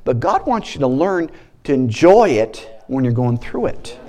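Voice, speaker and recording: A man preaching a sermon as a pastor, animated and mixing in joking asides. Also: mid-range voice, unhurried.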